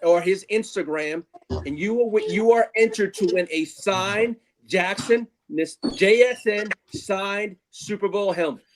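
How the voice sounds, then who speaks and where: A man on a stream, out of breath, quickly and upbeat plugging a giveaway. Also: sits high, a little hiss or hum. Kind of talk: casual chat.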